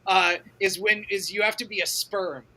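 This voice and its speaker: A man co-hosting a casual gaming chat, excitable and talkative, swearing freely. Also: high voice, moderate pace. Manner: excitable, swearing, talks over others. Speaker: podcast co-host.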